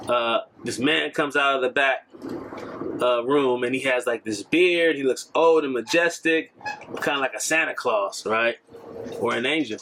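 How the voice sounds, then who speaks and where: A man's voice: medium pitch, sharp tone, a little hiss or hum. A young adult man from the United States earnestly telling a personal story, reflective, with fillers and restarts. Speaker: podcast storyteller. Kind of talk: personal testimony talk.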